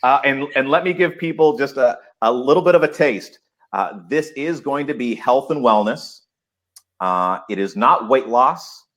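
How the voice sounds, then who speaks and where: A man speaking as a podcast guest, excited and emphatic, laughing often as he talks. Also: medium pitch, moderate pace. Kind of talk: enthusiastic podcast interview.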